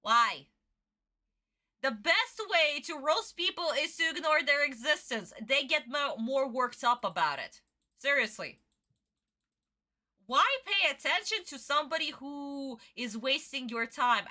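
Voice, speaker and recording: A young woman streams a casual reaction chat about an anime episode, her high, sing-song voice pushed and bright. She speaks unhurriedly, voicing strong opinions emphatically and repeating herself a lot.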